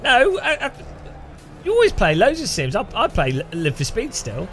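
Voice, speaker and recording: A man chats loosely while streaming a game, trailing off and restarting his thoughts as he talks. His voice is bright and sits fairly high, and it swings around a lot in pitch. Quiet background music plays under him. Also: big pitch swings, moderate pace. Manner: rambling, chatty, laughs often, hums and imitates sounds. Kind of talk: casual live-stream chat. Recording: faint music behind.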